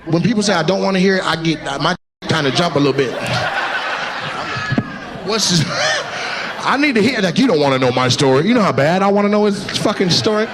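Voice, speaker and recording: A male stand-up comedian doing crowd work, teasing audience members in a brash, profane way. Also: high voice. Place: live comedy venue with audience. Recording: live show with crowd and noise.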